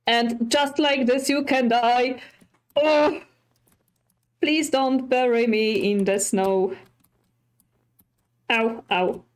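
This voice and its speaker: Slow-talking woman narrating her gameplay. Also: fairly high pitch, fairly even intonation. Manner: chatty, easily startled, talks to animals and villagers. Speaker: streamer. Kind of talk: casual gameplay commentary.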